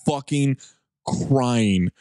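A man's voice: medium pitch, extremely slow, mellow. A young man co-hosting a casual movie commentary podcast, cracking incredulous, profane jokes while reading his notes. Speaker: podcast co-host.

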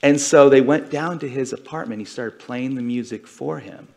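A man's voice: mid-range voice, normal speed, creaky, a little mellow. A man giving a conversational sermon to a congregation, retelling a story earnestly and with feeling. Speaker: congregation speaker.

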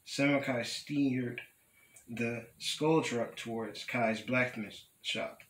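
A young male student reading a children's picture book aloud at a steady, careful pace. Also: mid-range voice, slow pace, roomy sound, low-quality recording. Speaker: student storyteller.

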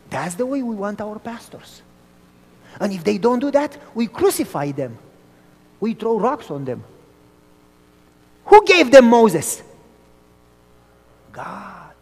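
Male pastor from Romania, storytelling sermon, high pitch, long hall reverb. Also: slow, pauses often. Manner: animated storytelling preacher.

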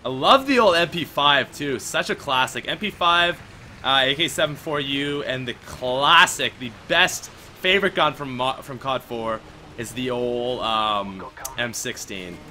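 A young man commentating his own gameplay, chatty and excitable, with outbursts and mock-British slang like mate. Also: mid-range voice, a little hiss or hum. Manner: excitable, chatty, quick outbursts while playing. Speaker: gaming video host. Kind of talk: let's play commentary.

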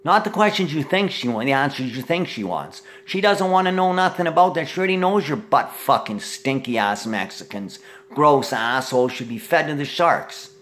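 A middle-aged man in a rambling monologue, agitated and profane, swinging between shouting and muttering. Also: medium pitch, expressive, normal speed, slight background noise.

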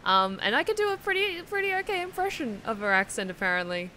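A woman's voice: a little high, very animated, fast talker, pushed and bright, slight background noise. A woman streaming a video game, chatting casually with her viewers and swearing freely as she plays. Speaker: streamer and hobby voice actor. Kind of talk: casual live-stream chat while gaming.

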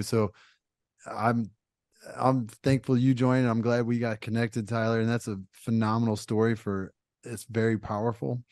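A man's voice: mid-range voice, flat delivery, moderate pace, a little mellow, no room sound, studio quality. A man hosting a video call meeting, thanking a guest in an appreciative, encouraging way. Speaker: meeting host.

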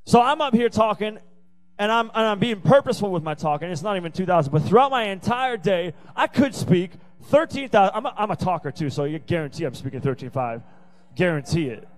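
A man's voice: high-pitched, lively intonation, a little fast, rough recording. A man preaching a youth sermon, emphatic and repetitive, with playful asides. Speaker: youth pastor. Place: youth service venue.

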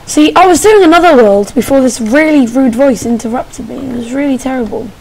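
A woman's voice: high-pitched, a little fast, darkish tone, slight background noise, rough recording. A woman talking casually to herself while playing a video game, muttering as she goes. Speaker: gaming channel host. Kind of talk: casual let's-play commentary.

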